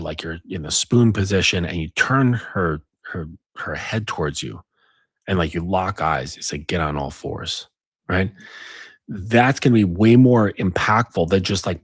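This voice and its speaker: A man's voice: low voice, breathy edge, no room sound, clean studio sound. A man giving dating advice in a casual monologue, insistently tagging lines with questions. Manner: insistent, repeats tag questions. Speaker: dating coach.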